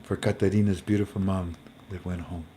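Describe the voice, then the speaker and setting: A man's voice: deep voice, flat delivery, a little fast, warm tone, slight background noise. A man hosting a casual, faith-based livestream in a folksy, rambling way, talking to his viewers as family. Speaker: host.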